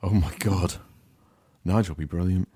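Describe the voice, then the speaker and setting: A man co-hosting a comedy podcast, chatting casually as a sweary, animated storyteller. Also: low voice, moderate pace, husky. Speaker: co-host.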